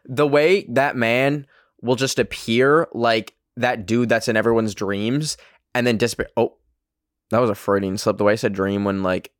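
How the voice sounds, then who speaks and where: Young Canadian man, podcast host, profane rambling monologue, mid pitch. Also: fairly even intonation, normal speed, no echo, clean studio sound. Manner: rambling, profane, self-deprecating. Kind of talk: casual solo podcast rant.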